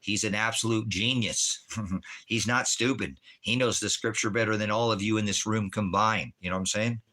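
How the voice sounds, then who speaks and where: A man on the low side in pitch, with a steady, bright, forceful tone and moderate pace, hosts a livestream from Oregon. Reading chat, he rants angrily and swears at viewers in profane livestream talk.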